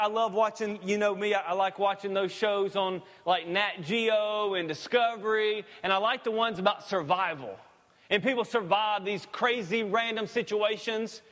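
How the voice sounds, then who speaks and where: A high-voiced man preaches a sermon in a casual, folksy way, breaking off for quick jokes. His voice rings with the long reverb of a big church hall. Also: fairly bright tone. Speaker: pastor. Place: church sanctuary.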